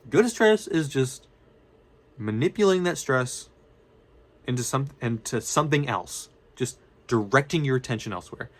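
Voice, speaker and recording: Rambling young man talking casually. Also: mid-range voice. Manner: rambling, self-correcting, casual slang. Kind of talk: casual unscripted talk to camera.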